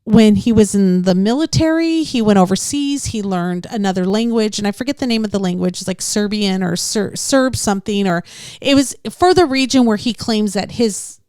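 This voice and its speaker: A woman's voice: medium pitch, normal speed, darkish tone, clear, resonant tone, no room sound, studio quality. A woman in her forties co-hosting a podcast, talking in a chatty way and laughing often. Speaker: podcast co-host. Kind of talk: casual chat.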